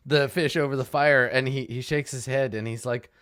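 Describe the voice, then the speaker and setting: A man's voice: medium pitch, steady tone, normal speed, fairly bright tone, clear, resonant tone. A man narrating as game master, telling the scene loosely with lots of fillers and laughs.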